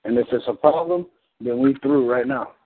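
A man's voice: medium pitch, moderate pace, slight background noise. A man on a community call, telling a story in a blunt, heated, profane way. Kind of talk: casual storytelling. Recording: phone-like call audio.

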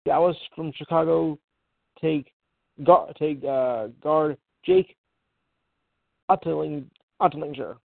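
A man's voice: fairly high pitch, takes it slowly, vocal fry, pauses often, no echo. A man hosting a casual sports show, reading draft picks and tripping over hard names with offhand asides. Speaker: podcast host reading sports news. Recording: tinny phone line.

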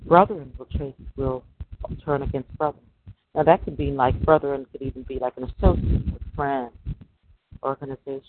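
A man's voice: mid-range voice, steady tone, moderate pace, background noise. A middle-aged man, a podcast host, giving a preachy religious monologue full of rhetorical questions. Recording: dry, tinny phone-line sound.

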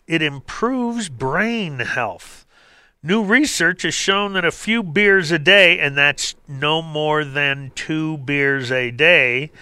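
A middle-aged man hosting a health call-in radio show, talking in an animated, jokey way. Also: high-pitched, clean tone, no echo. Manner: animated, jokey, acts out voices. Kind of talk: health talk radio monologue.

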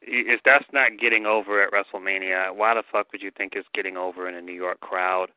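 A man's voice: sits low, steady tone, brisk, no echo. A man co-hosting a podcast, chatting casually about wrestling, blunt and opinionated, with some swearing. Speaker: podcast co-host. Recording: dry tinny phone-like sound.

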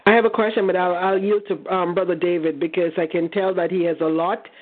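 A woman's voice: lowish voice, steady tone, brisk. Chatty woman on a phone line. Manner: chatty, lots of um and restarts. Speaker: caller. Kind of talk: casual phone testimony.

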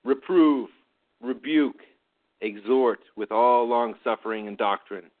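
A man reads scripture aloud during a sermon, declaiming each phrase with force. His pitch is in an ordinary middle range. The recording is narrow and phone-like. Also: slow pace. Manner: loud, declaiming reading. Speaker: scripture reader.

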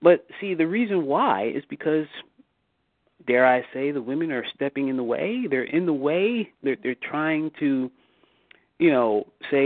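A man's voice: a little high, animated, a little slow, no echo. Emphatic man on a tinny phone line. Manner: emphatic, repeats and restarts, rising for rhetorical questions. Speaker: bible study host. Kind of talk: casual discussion on a call.

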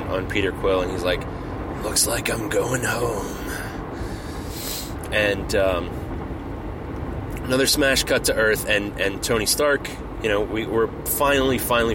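A man hosting a podcast, telling a comedic story in a rambling way full of fillers and restarts, over a steady background hum. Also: on the low side. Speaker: podcast host.

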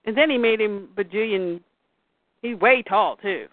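A woman's voice: mid-range voice, unhurried, no echo. A woman co-hosting a podcast, chatting about comics and working through her point with restarts. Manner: chatty, hesitant restarts while making a point. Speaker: podcast co-host. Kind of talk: casual chat about comics. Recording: tinny phone-like dry audio.

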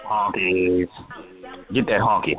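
A man on a phone line making slow, drawling, crude taunts in a prank call. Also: low voice, fairly even intonation, over a noisy crowd. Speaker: caller.

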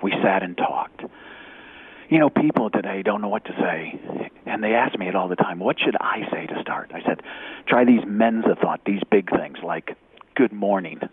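A man, an executive recruiter, telling a faith story in an animated way, acting out the dialogue and dropping to a whisper at times. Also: on the low side, moderate pace, noisy background. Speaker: executive recruiter, guest speaker. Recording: tinny phone-like radio audio.

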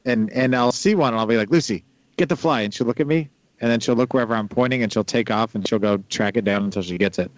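A man hosting a podcast, talking in an animated, joking way. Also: lowish voice, fast, few pauses, no room sound, low-quality recording. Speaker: podcast host. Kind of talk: casual podcast chat.

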